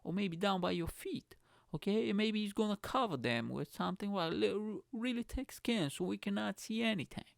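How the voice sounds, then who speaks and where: A man putting on the voice of a fired-up male street preacher, with a loud preaching cadence and drawn-out exclamations. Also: sits high, lively intonation, creaky, no room sound, studio quality, voice pushed up. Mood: preachy. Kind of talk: comedic impression in a podcast rant.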